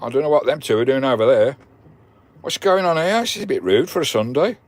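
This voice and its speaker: A man's voice: medium pitch, animated, quick pace. A man hosting a live stream, chatting jokily with viewers, swearing freely and laughing a lot as he guesses a puzzle. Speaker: vanlife channel host.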